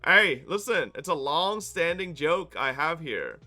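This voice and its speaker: Brief: male gaming streamer, fairly high and bright, swears a lot, animated rant to chat, faint music under him. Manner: profane, animated and quick to laugh. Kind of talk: casual rant to live chat.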